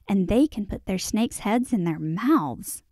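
A woman's voice: medium pitch, lively intonation, a little slow, dark tone, no room sound, clean studio sound. A woman voicing a serious, plain-spoken young girl in a storybook reading. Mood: earnest.

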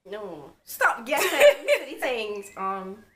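A woman's voice: fairly high pitch, very animated. A woman chatting hesitantly, often stalling with ums. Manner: slow, hesitant, full of ums. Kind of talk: casual chat. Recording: loud background noise.

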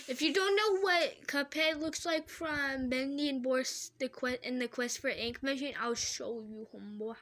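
A young woman or girl excitedly reacting to cartoon fan art in a casual, gushing way, full of exclamations and slang. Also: sits high.

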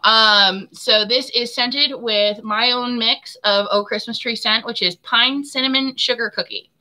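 A woman chats through a casual live stream as she shows her handmade soaps. Her voice is very bright and sharp and sits a little high. She talks to viewers in a friendly, familiar way and laughs often. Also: fairly even intonation, measured pace. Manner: chatty and friendly, addresses viewers as hon and my friend. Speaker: soap maker hosting a live giveaway.

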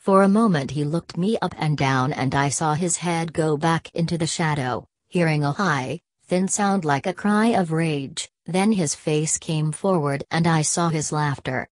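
A woman narrating a novel in the first person in a measured, storytelling way. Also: deep voice, dry recording. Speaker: audiobook narrator.

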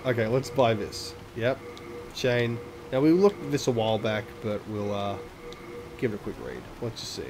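A man's voice: mid-range voice, moderate pace, background noise. A man hosting a let's play, giving casual gameplay commentary, swearing often and making self-mocking, chatty asides. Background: game music.

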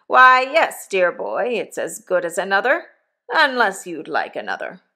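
A rough old convict speaks loud and slow, each word weighed and blunt, as a woman reader puts him on. His delivery is emphatic and gruff, a storybook figure. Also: mid-range voice, wildly swooping pitch, full character voice.

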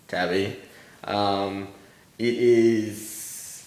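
A man's voice: lowish voice, unhurried, reverberant. A young man who has just woken up, rambling and swearing through a casual video message to his girlfriend from his room. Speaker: vlogger. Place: room at home.

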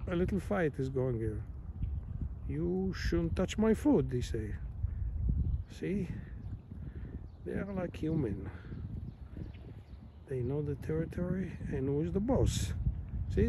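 A man narrates a casual outdoor vlog while watching a flock of geese, speaking slowly but with a lively, rising and falling voice. Recorded on a phone outdoors, with clear background noise and honking birds. His voice sits a little high for a man. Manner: chatty, talks to the camera and the birds, loud quacking imitations. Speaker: vlogger. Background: geese honking and outdoor ambience.

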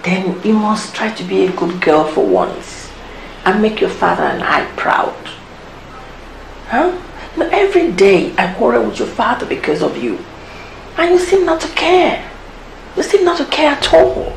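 A soft-spoken middle-aged mother with a Nigerian accent. She talks slowly and gently in a high voice. The room sounds echoey, with music behind. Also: vocal fry, a little hiss or hum, full character voice. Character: soft-spoken loving mother of a spoiled girl. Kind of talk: film acting.

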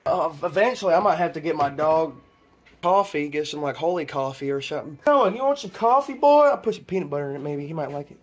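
A man's voice: a little high, lively intonation, fast. An actor playing a rambling, conspiracy-minded man, talking in a preachy, stumbling comedy monologue. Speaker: comedy vlog character.

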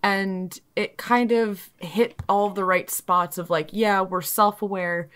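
A woman's voice: medium pitch, steady tone, slow pace, a bit bright, clean tone. A woman co-hosting a casual movie podcast, talking with many likes and searching for words. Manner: filler-heavy, searching for words. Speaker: podcast co-host.

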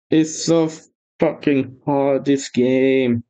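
Excitable young gamer man yelling at his game. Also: mid-range voice, low-quality recording. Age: young adult. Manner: excitable, yelling and repeating words when losing. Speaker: gaming YouTuber. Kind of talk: casual gameplay commentary. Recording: faint background noise and clicks.

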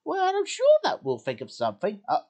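Brief: man voicing an excitable, cheeky bear son in a homemade story. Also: very high-pitched, fairly quick, pitched above the performer's own voice, full character voice. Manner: excitable, whiny.

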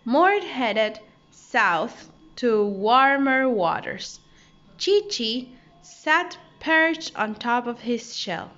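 A woman, a primary school teacher, reading a story aloud for story time in a slow, animated way. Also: a little high. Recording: dull lo-fi audio.

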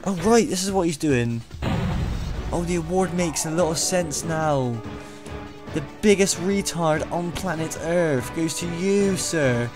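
A young man commentating a game he is playing, excitable and mocking, laughing often at what he sees. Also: a little high, a little slow. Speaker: gaming YouTuber. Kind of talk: let's play commentary. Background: game music.

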